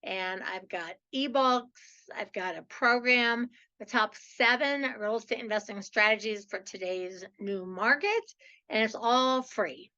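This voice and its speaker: A woman's voice: fairly high pitch, unhurried, pushed and bright, lo-fi sound. A woman hosting her own podcast, talking in a chatty, enthusiastic way that is full of "like" and "so". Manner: chatty, enthusiastic, says "like" and "so" often. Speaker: podcast host. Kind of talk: upbeat podcast monologue.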